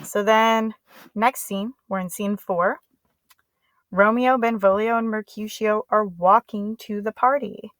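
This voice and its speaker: A woman's voice: mid-range voice, fairly even intonation, measured pace, a bit bright, no echo, low-quality recording. A woman teacher giving a casual, chatty lesson summary in slangy everyday speech.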